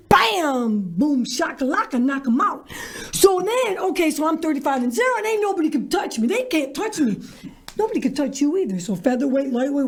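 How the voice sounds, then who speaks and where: A woman's voice: high voice, darkish tone. A woman guest on a talk show who tells a story in a brash, theatrical way, acting out the voices. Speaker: guest, filmmaker. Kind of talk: animated storytelling.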